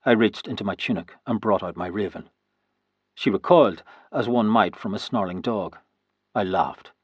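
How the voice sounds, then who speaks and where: A man narrating historical fiction in the first person, in a steady, even storytelling manner. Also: on the low side, normal speed, breathy edge, no room sound. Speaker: audiobook narrator.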